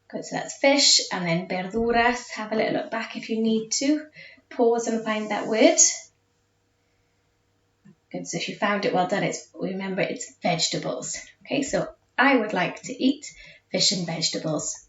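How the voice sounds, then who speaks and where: A woman, a school Spanish teacher, explains step by step in a recorded video lesson and often checks in with "okay?". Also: medium pitch. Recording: echoey, distant, dull classroom recording.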